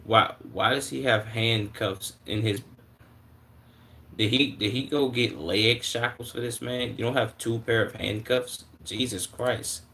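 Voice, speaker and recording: A man's voice: mid-range voice, steady tone, a little slow, bright, forceful tone. A man in his twenties from Chicago, reacting casually on a live stream in a slangy way, often incredulous and stuttering over his words. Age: 20s.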